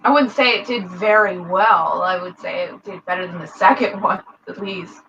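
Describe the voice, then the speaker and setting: A woman's voice: lowish voice, fairly even intonation, moderate pace, vocal fry, a bit bright. A woman speaking as a panelist in a casual online chat, making dry, wry interjections. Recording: muffled lo-fi mic with faint hiss.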